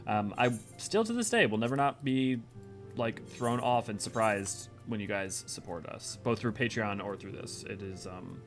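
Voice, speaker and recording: Animated, chatty man streaming games. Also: lowish voice, moderate pace, soft background music. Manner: animated, rambling, chatty with viewers. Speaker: game streamer. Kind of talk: casual live-stream chat.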